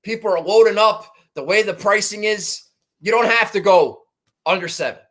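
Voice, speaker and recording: A man's voice: high-pitched, normal speed, fairly bright tone. A man hosting a golf betting show, talking casually in a rambling, profane, self-mocking way. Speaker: golf betting podcast host. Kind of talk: casual chat.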